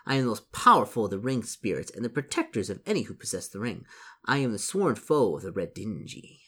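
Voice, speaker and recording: Man reading as a tiny scheming ring spirit, smug, silky, coaxing, low voice. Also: big pitch swings, brisk, a bit bright. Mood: proud. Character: small sly male ring spirit, manipulative.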